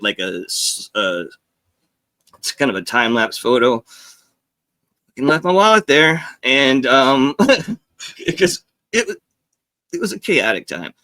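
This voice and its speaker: Man, podcast guest, former navy journalist, bright forceful voice, rambling animated storytelling. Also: mid-range voice. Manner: rambling, animated, acts out quotes with laughs. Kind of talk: casual storytelling.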